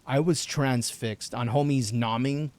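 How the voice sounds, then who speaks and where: A man's voice: medium pitch, fairly even intonation, unhurried, darkish tone. A young man streaming a video game, chatting casually and slangily with viewers, swearing and reacting to the game. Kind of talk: live gameplay commentary.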